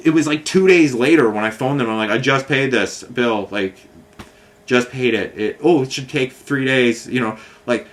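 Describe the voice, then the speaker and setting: A man's voice: mid-range voice, fairly bright tone. A man telling a long complaint story in a casual monologue, rambling and frustrated, with many fillers and restarts. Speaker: vlogger.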